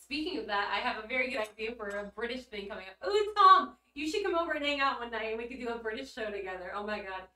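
Woman streamer, crisp bright tone, giggly and blunt, roomy off-mic sound. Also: a little high, animated, very fast, few pauses. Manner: bubbly, giggly, blunt, swears casually. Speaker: livestreamer reading chat. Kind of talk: casual livestream chat. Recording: roomy echo, mic at a distance.

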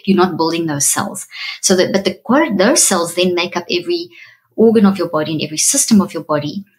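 A woman neuroscientist, a podcast guest, explaining in an earnest, emphatic teaching tone with repeated phrases. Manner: acts out inner self-talk in a higher voice.

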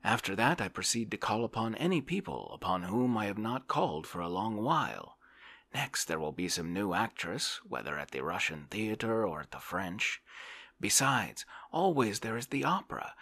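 A man's voice: on the low side, very animated, normal speed, pushed and bright, slightly rough, dry recording, voice pushed up, full character voice. A man voicing a busy, chatty young male socialite in a whispered role-play, eagerly listing his plans.

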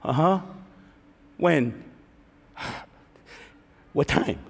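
High-voiced man preaching in a hall. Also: extremely slow, vocal fry, long pauses, a little hiss or hum. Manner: animated, acts out prayers and asides to the congregation. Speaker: pastor. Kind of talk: sermon. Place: large church sanctuary. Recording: long reverb of a large hall.

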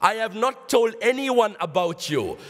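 Speaking unhurriedly in a high, fairly bright and expressive voice, a South African-accented man preaches in a mosque. This Islamic lecturer addresses the audience as brothers, shares stories, and mixes in Arabic phrases. The hall lends a long reverb.

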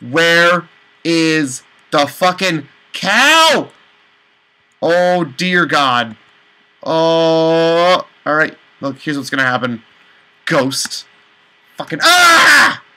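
A man commentating a let's play, exasperated, with high panicked outbursts and swearing. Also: animated, drawn-out words, sharp tone, clear, resonant tone, poor audio. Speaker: gaming channel host.

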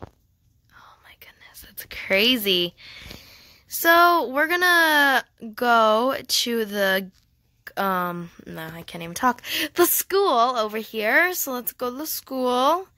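A young woman with a slightly high voice talks through a game session in a casual, chatty way. She is excited and laughs often. She reads the game's dialogue aloud as she plays. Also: takes it slowly, dry recording, clean studio sound. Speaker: gamer. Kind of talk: casual gameplay commentary.

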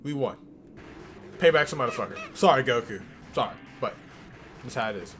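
A man casually commenting on his gameplay as channel host, excitable and profane, yelling when the fight heats up. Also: medium pitch, a little fast, a little hiss or hum. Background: game music.

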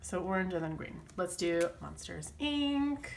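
A woman's voice: on the low side, little pitch movement, normal speed, creaky, a little hiss or hum. A woman chatting casually and rambling while she works on her planner, full of fillers and self-deprecating asides. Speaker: planner vlogger.

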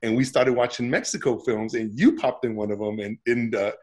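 Man, guest actor, casual storytelling, animated, laughs often, acts out voices. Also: mid-range voice, fairly quick.

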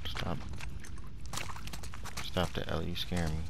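A man from Pennsylvania doing live gameplay commentary, chatting with viewers and yelling when the game scares him. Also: low-pitched, level tone, slow, gravelly, heavy background noise. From Pennsylvania, USA. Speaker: gamer playing on camera. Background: game music.

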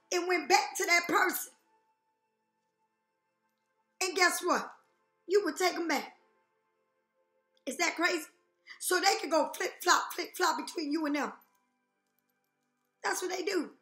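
Woman tarot reader, brassy and high, profane and direct, echoey room with faint music underneath. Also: sharp tone. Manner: blunt, profane, rhetorical questions. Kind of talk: intuitive reading to viewers.

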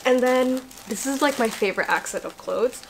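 A woman's voice: high voice, moderate pace, a little hiss or hum. Bubbly young woman unboxing a parcel. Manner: chatty, bubbly, talks to the viewer as she unpacks. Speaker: vlogger. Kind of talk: casual unboxing vlog.

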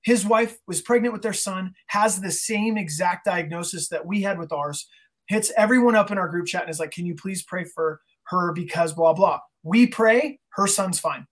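A man's voice: sits high, moderate pace. A man guest in a casual interview, telling an emotional story earnestly, often restarting his sentences. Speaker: guest, band singer.

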